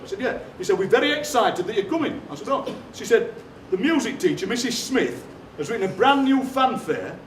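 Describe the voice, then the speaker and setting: High-voiced man telling stage stories. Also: slight background noise. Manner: deadpan anecdotes, acting out other people's lines. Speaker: poet performing on stage. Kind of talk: comic storytelling to a live audience. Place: theatre stage. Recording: roomy hall from a distance. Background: audience laughter.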